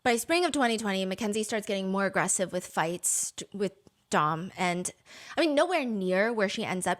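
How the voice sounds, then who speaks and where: In casual chat, a woman with a medium-pitched voice tells a story and reads messages aloud, animated, laughing and swearing freely.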